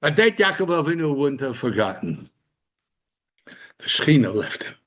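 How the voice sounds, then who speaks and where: A man's voice: a little high, big pitch swings, normal speed, a bit bright. A man teaching a Torah class to a live group, asking rhetorical questions and answering them himself, with Hebrew terms woven into English.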